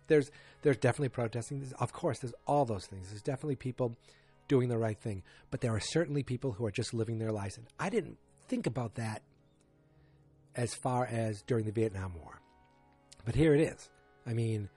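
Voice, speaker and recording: A man's voice: medium pitch, warm tone. A man casually recapping a TV episode, thinking aloud and often restarting his sentences.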